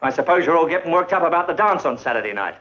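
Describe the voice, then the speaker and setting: An actor playing a brisk, sarcastic army officer who speaks in a clipped, commanding way, in a 1950s British film comedy. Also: male voice, on the high side, lively intonation, fairly bright tone, lo-fi sound. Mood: bossy.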